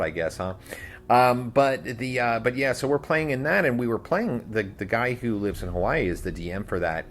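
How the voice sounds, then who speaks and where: A man with a very low voice co-hosts a tabletop gaming podcast. His talk is casual and rambling, full of fillers and restarts, with faint music underneath. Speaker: podcast co-host. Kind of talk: casual chat.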